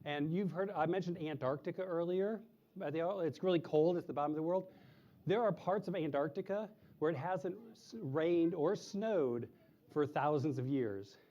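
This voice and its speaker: The recording is muffled, and the man speaks at a normal speed in a dark tone. He's hosting a live animal show for kids, chatting and explaining simply, and at times he imitates an owl's hoot in a high voice.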